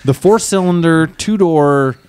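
A man telling a story on a podcast, lively and laughing often, acting out what people said to him. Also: fairly high pitch, unhurried, clean tone. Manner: animated, laughs often, acts out quotes. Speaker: podcast guest, auctioneer and trucker. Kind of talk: casual storytelling.

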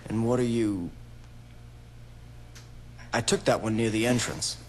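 A man's voice: mid-range voice, unhurried, slight background noise, close to an everyday voice. An actor voicing a curious, pushy male photojournalist in a video game cutscene, with a blunt, questioning delivery. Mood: pressing. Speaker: game character.

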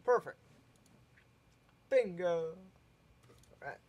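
A man's voice: sits high, animated, drawn-out words, muffled recording, a little hiss or hum. A man hosting a casual let's play, mumbling to himself, trailing off, and humming snatches of tunes as he plays. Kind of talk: casual gameplay commentary.

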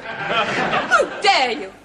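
A woman's voice: high-pitched, huge pitch swings, extremely slow, a crowd in the background, noisy background, exaggerated voice. An actress playing a prim, haughty young Englishwoman in a TV sketch comedy. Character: poised posh young Englishwoman.

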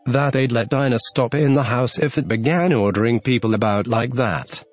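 A man voicing a curious, polite young girl in a storybook reading, gently wondering aloud to herself. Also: mid-range voice, normal speed, soft background music, lightly acted.

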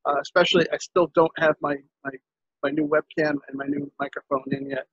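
Halting middle-aged male host, dry mic. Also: fairly high pitch, little pitch movement, fairly bright tone, breathy edge, dry recording, muffled recording. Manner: halting, lots of fillers and restarts, friendly sign-off. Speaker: show host. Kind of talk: casual show outro.

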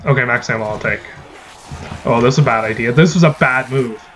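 A man's voice: medium pitch, a little fast, a bit bright, a little hiss or hum. A man giving casual, rambling gameplay commentary as a gaming channel host, swearing when frustrated.

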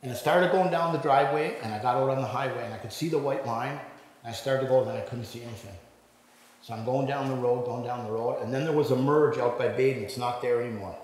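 A man in his sixties tells his personal testimony in a loose, rambling way, full of restarts and fillers. His voice sits in a middle pitch. It rings through a church hall with heavy echo and a long reverb tail. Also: quick pace. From Ontario, Canada. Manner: rambling, conversational storytelling with many restarts and fillers. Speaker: guest speaker giving testimony.

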